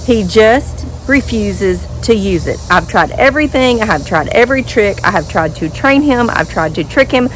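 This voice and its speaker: A woman's voice: mid-range voice, animated, normal speed, few pauses, faint music behind, rough recording. Chatty woman outdoors. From Western Kentucky. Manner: chatty, talks to her dogs in a sing-song voice. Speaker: vlogger. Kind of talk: casual chat to camera. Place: outdoors at home.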